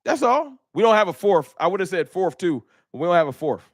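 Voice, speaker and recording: A man's voice: high-pitched, sing-song, brisk, dry recording, studio quality. A man hosting a fan live stream, chatting casually and animatedly, joking and laughing at his own bits.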